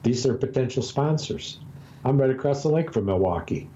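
A man's voice: mid-range voice, lively intonation, normal speed, dark tone. A man co-hosting a podcast in casual chat, wry and teasing. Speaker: podcast co-host. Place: home, Michigan. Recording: dull lo-fi sound with faint noise.

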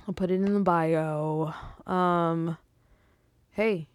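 A young woman with a fairly low voice talks through her faith in a loose, rambling way. She preaches a little and drops in joking asides. The sound is close and dry. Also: steady tone, extremely slow, smooth, dry recording. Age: young adult. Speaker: Christian vlogger. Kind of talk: casual faith talk with spoken prayer.

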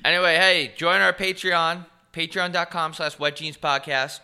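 A man's voice: a little high, little pitch movement, normal speed, sharp tone, smooth. A young man co-hosting a podcast, telling stories in a laid-back, profane way and mimicking other people's voices. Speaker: podcast co-host. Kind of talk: casual chat.

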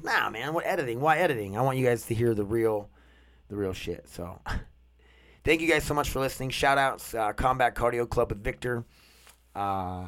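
A man's voice: medium pitch, a bit bright. Male podcast host, solo chat, rambling and profane, mid-range voice. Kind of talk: casual solo podcast monologue. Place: outdoors walking dogs.

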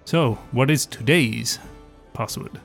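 A man's voice: mid-range voice, slow pace, gravelly, a bit bright, soft background music. A man co-hosting a tabletop game podcast, chatting casually and laughing often. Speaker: podcast co-host and player. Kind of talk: casual chat.

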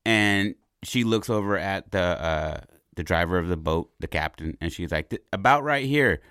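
A man casually pitching a movie idea as a long story, rambling and animated, repeating words and checking in with "right?". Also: normal speed, clear, resonant tone, dry recording, clean studio sound.

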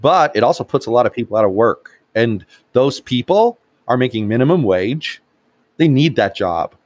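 A man's voice: medium pitch, animated, moderate pace, no echo. A man hosting a podcast, talking bluntly in a casual discussion. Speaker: podcast host.

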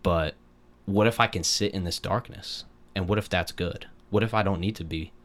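A man's voice: low voice, steady tone, moderate pace, a bit bright. A man in casual conversation, reflective and rambling, full of restarts and fillers.

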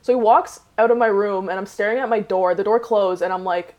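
A young woman telling an anecdote in casual chat, animated and full of fillers like "like". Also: mid-range voice, fairly quick, few pauses, slight background noise. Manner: animated, filler-heavy, acts out dialogue.

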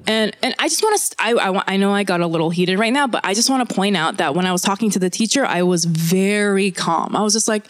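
A woman's voice: mid-range voice, expressive, fast, hardly any pauses, dry recording. A woman in casual chat, telling a story animatedly, acting out what people said and swearing freely. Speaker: podcast guest telling a story.

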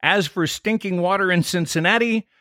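A man's voice: high voice, normal speed, sharp tone, dry recording, studio quality. A man co-hosting a podcast, reading a scripted episode recap with trivia in an upbeat manner. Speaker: podcast co-host.

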